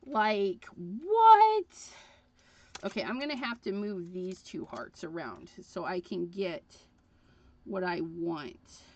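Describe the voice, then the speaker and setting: A woman with a mid-range, somewhat dark voice hosts a crafting livestream. She chats loosely and rambles with many fillers as she works, and the audio is dull and lo-fi.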